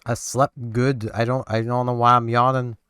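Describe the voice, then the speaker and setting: A man's voice: mid-range voice, little pitch movement, moderate pace, fairly bright tone, smooth, no echo. A man giving casual let's-play commentary, rambling and talking to himself and to the game as he plays. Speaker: gameplay commentator.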